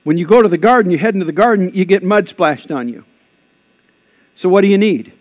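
A man pastor preaching a lively sermon, shifting between conversational asides and loud, emphatic bursts. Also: sits high, a little fast. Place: church.

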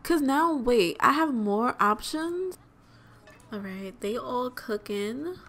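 A woman's voice: fairly high pitch, expressive, slow pace, fairly bright tone. A young woman hosting a let's play, giving chatty, exclamatory gameplay commentary straight to her viewers.

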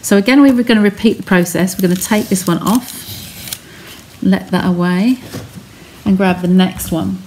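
Woman, craft tutorial, chatty, step-by-step, middle pitch, faint background noise. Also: normal speed, darkish tone. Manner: chatty, reassuring, talks through each step. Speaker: craft demonstrator. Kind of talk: live-stream craft tutorial. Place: home craft studio.

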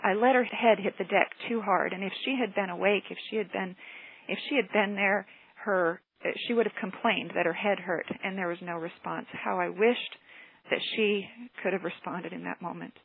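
A woman with a gravelly, slightly husky voice tells a personal story as a teacher, earnest and reflective. She comes through a tinny, dry telephone line with no room sound. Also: mid-range voice, steady tone, moderate pace, no echo. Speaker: motivational speaker and teacher. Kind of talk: personal story told in a teleclass.

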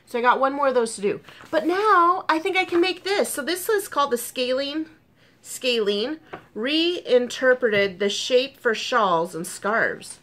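Woman, casual crafting vlog, excitable, gushing, lots of ums, sore tongue, bright tone. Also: high voice, a little slow. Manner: chatty and gushing, with frequent ums and excited asides. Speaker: crochet vlogger. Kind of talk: casual chat.

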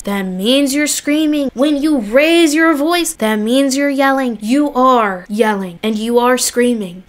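A woman giving blunt, exasperated, swear-filled commentary on recorded call clips. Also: high-pitched. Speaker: commentary YouTuber.

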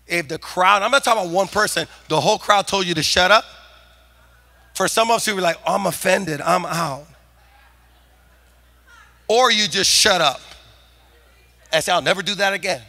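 A man preaching a sermon as pastor, shouting and building intensity in a church. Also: high-pitched, measured pace, pauses often. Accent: Californian. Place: church sanctuary.

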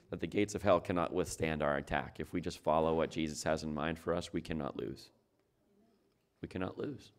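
Male pastor, sermon, extremely low voice, conversational, rhetorical questions.

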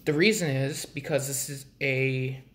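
A young man talking casually to his vlog viewers, rambling with restarts and frequent throat clearing. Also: medium pitch, steady tone, unhurried, fairly bright tone. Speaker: vlogger.

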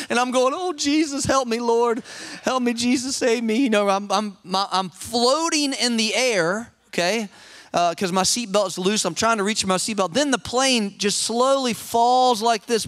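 A man in his forties, a senior pastor, telling a lively personal story in a sermon with quick restarts and repeated words. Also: high voice, no room sound.

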